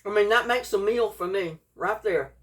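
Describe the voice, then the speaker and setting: A woman's voice: medium pitch, moderate pace, distant mic. A woman, chatting folksily in a home cooking vlog and tasting her food as she talks. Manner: folksy, chatty, eats while talking.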